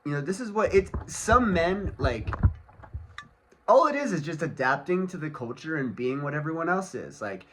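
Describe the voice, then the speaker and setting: A man's voice: fairly high pitch, big pitch swings, normal speed, fairly bright tone, a little hiss or hum. A man ranting angrily to camera in a casual solo vlog, swearing constantly and rambling loosely with many fillers. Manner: angry, profane ranting. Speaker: vlogger.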